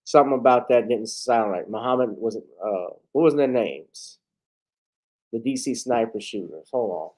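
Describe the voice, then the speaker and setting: A man hosting a casual news commentary show. He talks at an ordinary middle pitch, rambling loosely. He often pauses on fillers as he thinks. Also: darkish tone, rough recording. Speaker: host.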